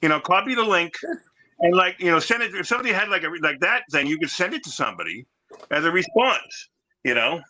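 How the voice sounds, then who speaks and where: A man's voice: high voice, very animated, fast talker, bright, forceful tone, a little hiss or hum, low-quality recording. A man hosting a casual chat among collectors, rambling with many restarts and fillers. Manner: rambling, full of restarts and "you know". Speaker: host.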